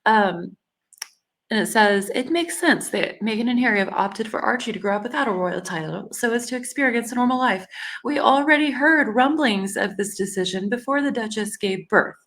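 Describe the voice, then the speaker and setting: A woman in her forties with a drawl hosts casual commentary, reading news quotes aloud and reacting to them. Her voice sits a little high, and her delivery is sarcastic and chatty, with frequent laughs. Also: normal speed, fairly bright tone. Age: 40s. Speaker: commentary channel host.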